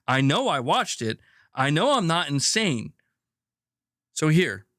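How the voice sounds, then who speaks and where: A fairly high, bright-toned man hosts a gaming chat show, rambling and joking with frustrated asides. His voice sounds dry and close to the mic. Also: very animated, takes it slowly, no echo. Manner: rambling, exasperated, jokey. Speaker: gaming news host. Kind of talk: casual chat.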